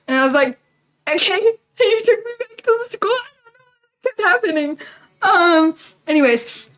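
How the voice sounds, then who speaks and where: Young woman, high voice, casual rambling storyteller who talks fast and gets breathless. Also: fairly bright tone, poor audio. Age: young adult. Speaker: vlogger.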